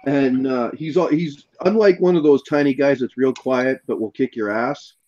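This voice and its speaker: A man chatting casually and spinning a lively anecdote, with the occasional chuckle. The audio is dull and lo-fi. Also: medium pitch, moderate pace. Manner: animated anecdote teller, chuckling. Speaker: podcast host. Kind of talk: casual chat, storytelling.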